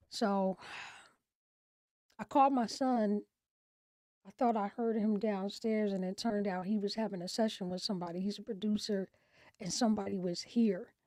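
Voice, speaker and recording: A woman's voice: mid-range voice, steady tone, moderate pace, long pauses, no room sound. A middle-aged woman hosting a mental health talk, candidly telling a personal story in a reflective way. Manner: candid, reflective, with soft trailing asides. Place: home.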